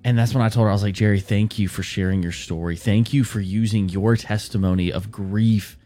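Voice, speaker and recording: A man hosting a radio fundraising appeal, speaking earnestly and haltingly, with frequent restarts. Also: on the low side, fairly even intonation, warm tone. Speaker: radio host.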